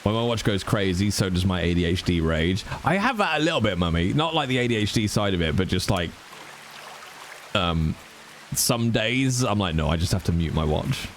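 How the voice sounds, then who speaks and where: A man's voice: fairly low pitch, expressive, normal speed, a little hiss or hum. A male livestreamer chatting casually with his viewers in a teasing, mock-exasperated way. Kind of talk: casual chat with stream viewers.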